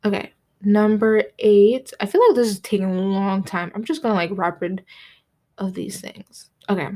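A woman's voice: mid-range voice, fairly even intonation, moderate pace, mellow. A teenage girl from the United States hosting her own podcast from her desk at home, rambling casually with lots of "like" fillers. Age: late teens. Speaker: podcast host. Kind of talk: casual solo podcast talk.

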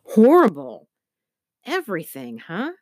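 A woman's voice: medium pitch, wildly swooping pitch, slow pace, a little mellow, dry recording, studio quality, voice pushed up, exaggerated voice. A woman voicing a nervous, evasive middle-aged man who works among old books.

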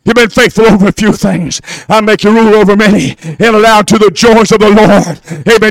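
A male pastor, preaching a Pentecostal sermon in shouted, rhythmic repeated phrases with whoops, then praying. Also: high voice, fairly even intonation, moderate pace, no room sound.

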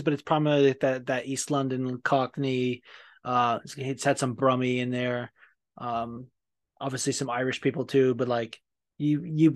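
A man hosting a podcast in casual chat, rambling and profane, with lots of fillers and restarts. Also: medium pitch. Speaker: podcast host.

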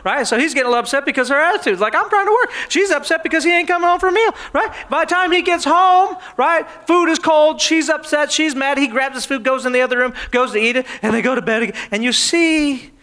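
A high, bright male pastor preaching with a playful storyteller's touch. He slips into little voices for the people in his stories and keeps checking in with the crowd. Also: fast talker, hardly any pauses. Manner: humorous storytelling, acts out everyday scenes. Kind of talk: sermon.

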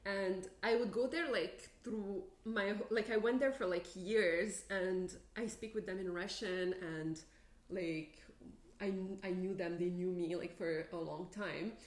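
A woman's voice: fairly low pitch, unhurried. A young woman co-hosting a podcast, telling stories in casual chat and acting out what people said to her. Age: young adult. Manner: animated storytelling, acts out quoted people with laughter. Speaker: podcast co-host. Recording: roomy echo.

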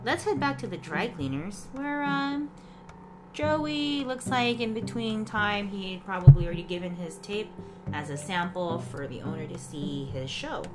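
A woman's voice: medium pitch, expressive, moderate pace, over music. A woman co-hosting a podcast, casually recapping an episode, chatty and often laughing. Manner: chatty, laughs often, does silly voices. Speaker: podcast co-host.

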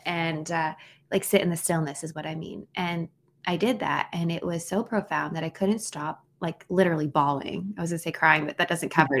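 A woman in her thirties shares a story on a podcast in an earnest, conversational way. Her voice sits on the low side, and she often restarts her sentences as she goes. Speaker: podcast co-host. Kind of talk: casual heartfelt conversation.

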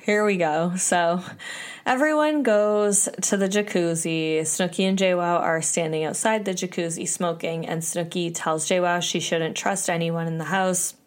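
A young adult woman hosting a casual podcast, retelling scenes with lively quoted voices. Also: a little slow. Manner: animated retelling, quotes people in jumpy high voices. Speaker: podcast host. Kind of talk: casual recap chat.

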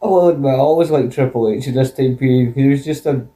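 A Scottish man trades casual chat with his co-host. His voice is mellow and dark, and his remarks come out dry, sardonic and laced with swearing. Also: medium pitch, fairly quick. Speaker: podcast co-host.

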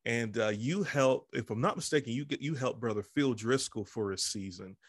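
A male host guides the interview with respectful, affirming remarks. His voice is mid-pitched, and the sound is dry and close. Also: normal speed, slightly rough, no echo. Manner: affirming, respectful, frequent hums of agreement.

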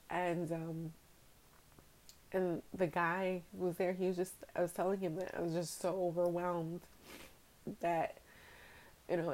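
A woman's voice: fairly low pitch, a little mellow. A woman telling a personal story in a casual vlog, chatty and full of fillers. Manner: chatty, heavy on fillers like "you know" and "like". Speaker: vlogger.

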